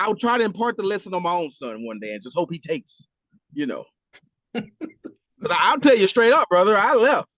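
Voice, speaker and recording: A man's voice: sits high, no echo, lo-fi sound. A man co-hosting a podcast, talking casually and with animation, swearing a lot and acting out quotes. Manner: animated, profane, acts out quotes. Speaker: podcast co-host. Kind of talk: casual chat.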